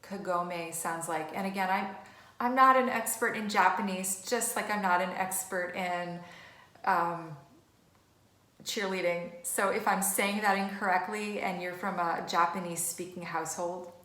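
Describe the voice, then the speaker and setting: A woman's voice: on the low side, steady tone, unhurried, fairly bright tone. A woman music teacher giving an online lesson, encouraging and chatty. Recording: echoey room.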